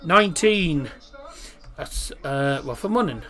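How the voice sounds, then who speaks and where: A man's voice: on the high side, animated, takes it slowly, fairly bright tone. A man hosting a casual live football watchalong stream, reading out lineups and chatting with viewers. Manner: chatty, reads out chat messages and team lineups.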